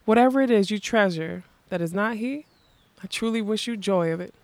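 A woman's voice: medium pitch, brisk, dry recording, natural voice. A woman reading a proud young lady's lines, formal and dignified. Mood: cold refusal.

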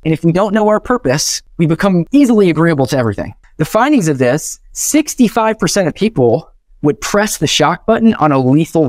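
A man's voice: on the high side, no room sound. A young man giving a motivational keynote, telling stories with energy and acting out the dialogue. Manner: energetic, animated, acts out quoted dialogue. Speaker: keynote speaker.

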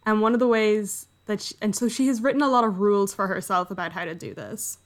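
Speaking fast in a mid-range voice, a woman co-hosts a podcast and casually recounts a book's plot. She acts out the characters' lines as she goes, keeping it a relaxed book chat.

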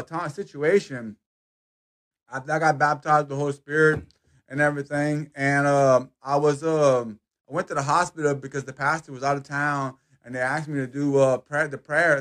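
A man telling a personal church testimony in casual conversation, with many restarts, acting out sounds and voices. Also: fairly high pitch. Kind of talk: casual storytelling.

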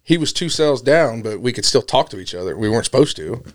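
A man's voice: medium pitch, lively intonation, fast talker. A man in a casual chat, reflective and easygoing as he shares his experiences.

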